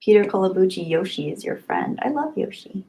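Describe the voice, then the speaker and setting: A woman chatting casually on a live stream from her home webcam setup, reading chat and greeting viewers with bubbly, gushing excitement and little gasps. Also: medium pitch, brisk, creaky, rough recording. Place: home, apartment.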